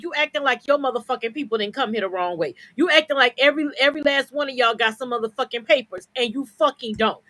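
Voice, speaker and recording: A woman's voice: high-pitched, quick pace, few pauses, bright, forceful tone, no echo, poor audio. A woman co-hosting a podcast, ranting in a blunt, profane, confrontational way. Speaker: podcast co-host. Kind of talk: heated podcast rant.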